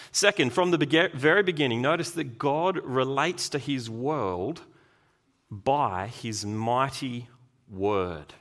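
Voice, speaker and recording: A man preaching a sermon as pastor, lively and emphatic, with sudden loud bursts. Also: a little high.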